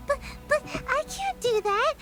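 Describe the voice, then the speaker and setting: A woman's voice: very high voice, lively intonation, unhurried, music in the background. A woman voicing a timid, sleepy little girl ninja in a game, who sighs and yawns. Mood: flustered. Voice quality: drowsy, sighing, yawning.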